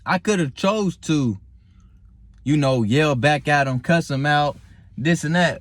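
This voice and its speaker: Young man, casual vlog talk, rambling with fillers, calm, swears freely, dry close sound. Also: a little high, takes it slowly, no echo. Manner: rambling, many fillers and restarts. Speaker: vlogger. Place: in a car at night.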